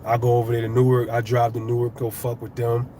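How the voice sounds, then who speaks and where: Fast and monotone, this mid-range, mellow male voice belongs to a middle-aged New Yorker doing casual boxing commentary on his YouTube channel. He rambles, swears, and gets worked up, and a bit of hiss or hum sits under the audio.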